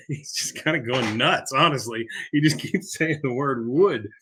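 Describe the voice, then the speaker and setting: A man co-hosting a podcast, recapping an episode in casual, animated chat. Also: mid-range voice, normal speed, husky. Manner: animated, acts out quotes. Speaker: podcast co-host.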